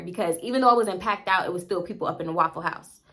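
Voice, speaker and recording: A woman tells a storytime vlog with a bright, sharp voice. She is animated and profane, and she acts out every voice herself. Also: mid-range voice, quick pace, hardly any pauses. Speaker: storytime vlogger.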